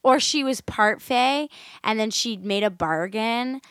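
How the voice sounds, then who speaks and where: A young woman chats casually as a podcast co-host, giggly and animated, often tripping over names. Her voice is bright and the sound dry and close. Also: a little high, unhurried, clean tone, dry recording. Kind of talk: casual chat.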